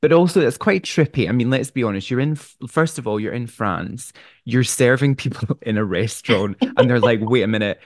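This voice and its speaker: A man's voice: mid-range voice, fairly quick, no room sound, studio quality. A man hosting an interview, asking long rambling questions with lots of restarts. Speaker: podcast host, vet. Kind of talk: casual interview chat.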